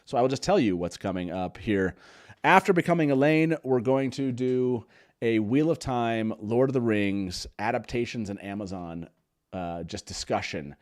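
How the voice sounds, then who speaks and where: A man's voice: medium pitch, moderate pace. A young man hosting a live stream, chatting casually with lots of fillers and frequent laughter. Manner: upbeat, laughs often, many fillers. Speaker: podcast host.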